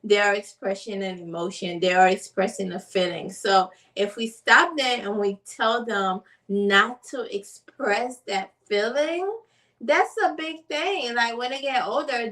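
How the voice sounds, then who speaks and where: A woman's voice: medium pitch, fairly bright tone, far from the mic, rough recording. A woman, a mother, talking casually and earnestly to the camera with lots of "like" and "you know". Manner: unhurried, earnest, many fillers like "like" and "you know". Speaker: mother vlogger.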